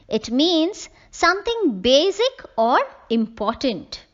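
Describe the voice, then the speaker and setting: A woman teacher, slowly explaining a textbook lesson to young children and spelling out words letter by letter. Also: high-pitched, big pitch swings, dull audio. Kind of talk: classroom lesson reading from a textbook.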